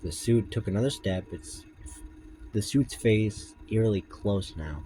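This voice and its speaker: Deep-voiced man reading his story. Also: a little slow, dark tone, slight background noise, poor audio. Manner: breaks off to explain and swear casually. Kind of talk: reading own fan story aloud with casual asides.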